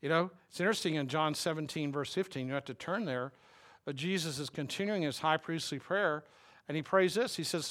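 A man's voice: fairly high pitch, brisk, a bit bright. A man preaching a sermon as a pastor, talking in a wry, conversational way and putting questions to his listeners.

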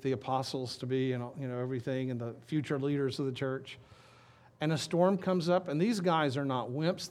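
A man's voice: mid-range voice, darkish tone. A man preaching a sermon in a conversational way, reading scripture aloud and then talking it through. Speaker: pastor.

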